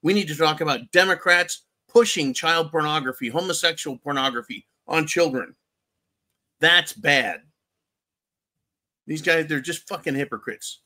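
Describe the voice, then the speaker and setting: Hosting his own channel, this man fires off angry, heavily profane political commentary, repeating himself and slipping in sarcastic remarks. He speaks at normal speed in a fairly high voice whose tone is bright and forceful.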